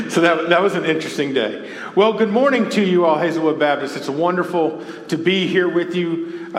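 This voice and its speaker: A man from Texas with a Southern accent, preaching a folksy, chatty sermon as a guest speaker. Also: a little high. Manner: folksy and chatty, laughs often. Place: church sanctuary. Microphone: stage microphone. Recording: long hall reverb.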